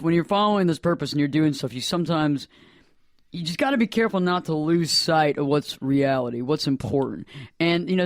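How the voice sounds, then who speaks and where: Male talk host, upbeat and jokey, high voice, close dry studio sound. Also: dry recording. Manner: playful, motivational, jokey asides. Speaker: radio show host. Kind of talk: casual radio talk.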